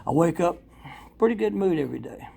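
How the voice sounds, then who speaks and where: Gravelly, blunt older man sharing his story. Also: fairly high pitch, expressive, fairly quick, a little hiss or hum. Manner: blunt, profane and candid, rambling with fillers; laughs often, voice swings from loud to quiet. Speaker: speaker sharing at a recovery convention workshop. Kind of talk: personal recovery testimony to a live audience.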